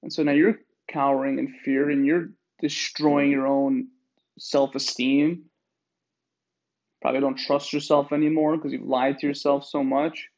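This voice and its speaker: A man's voice: medium pitch, a little slow. Guy ranting on his podcast, swears a lot, goes off on tangents, middling voice, dull lo-fi audio. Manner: profane, animated, digressive. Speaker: podcast host. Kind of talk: rambling monologue.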